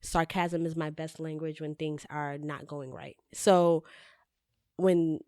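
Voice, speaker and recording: A woman speaking as a guest in a casual interview, candid and animated, cursing freely as she tells her stories. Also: low-pitched, takes it slowly, clean tone, no room sound, clean studio sound. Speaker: podcast guest, editor-in-chief.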